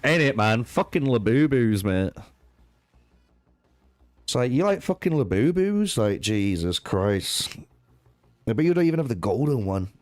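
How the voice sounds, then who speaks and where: A man's voice: medium pitch, very animated, a little slow, pauses often, dry recording, soft background music. A young man streaming a strategy game, swearing a lot and trolling with chat as he plays. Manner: profane, trolling banter with chat, swinging between raging and laughing. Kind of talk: live gaming stream commentary.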